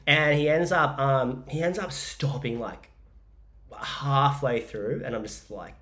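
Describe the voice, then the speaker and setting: An Australian man talks through a relaxed podcast monologue, drifting between stories and business advice. His voice sits at an ordinary middle pitch, and he rambles with plenty of fillers and jokes. He sounds like a man in his forties chatting casually. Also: normal speed. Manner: rambling, jokey storytelling with many fillers. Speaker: podcast host and business coach.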